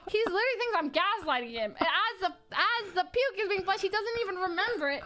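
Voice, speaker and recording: High-pitched woman, lively storyteller, acts out the dialogue, laughs a lot. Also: fast.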